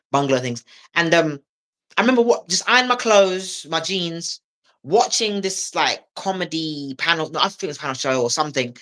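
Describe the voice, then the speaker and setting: Woman comedian on a podcast, bright voice, acts out the quotes, laughs a lot. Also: low voice. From England. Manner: animated storyteller who acts out quoted voices and laughs often. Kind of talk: casual storytelling chat.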